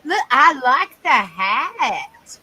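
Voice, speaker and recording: Slow, high, affectionate woman guest on a video call, with crowd noise behind. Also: very animated. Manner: warm, fussing, affectionate. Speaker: panel guest. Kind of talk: casual chat.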